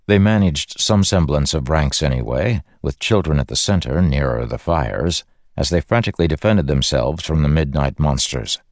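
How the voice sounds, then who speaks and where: A man narrating a fantasy audiobook in a steady, measured storytelling style. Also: extremely low pitch, no echo, studio quality.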